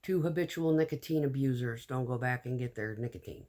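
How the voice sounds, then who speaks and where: Blunt, animated woman telling a story. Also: a bass voice, brisk. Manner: animated, acts out quoted dialogue; blunt, swears casually. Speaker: vlogger telling a personal story. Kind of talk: casual storytime monologue.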